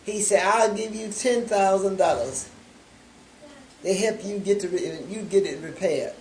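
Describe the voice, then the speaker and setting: A woman's voice: medium pitch, a little mellow. An older woman giving a spoken testimony of faith as founder of a charity. She tells the story unhurriedly and acts out both sides of remembered conversations, with many repetitions of "I said" and "he said". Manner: unhurried, with repeated "I said" and "he said". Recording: roomy echo.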